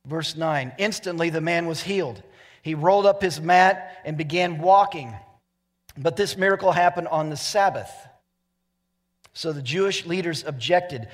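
Male pastor, conversational sermon delivery, slightly high-pitched, long hall reverb. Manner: conversational preaching, voices characters in anecdotes. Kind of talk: sermon with joke telling.

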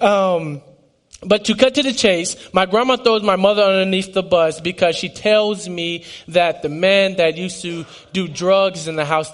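A man in his twenties with a high, light voice shares his testimony in an earnest, emotional way. He often trips over his words and starts again. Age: 20s. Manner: earnest and emotional, with frequent restarts. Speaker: speaker giving a testimony. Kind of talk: personal testimony talk.

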